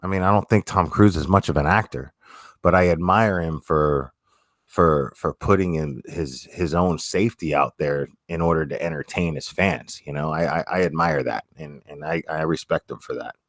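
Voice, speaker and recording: A man hosting a casual live chat, talking in halting bursts full of restarts, and swearing bluntly. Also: a bass voice, a bit bright, no room sound, clean studio sound. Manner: halting, many restarts and fillers. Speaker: streamer reading chat.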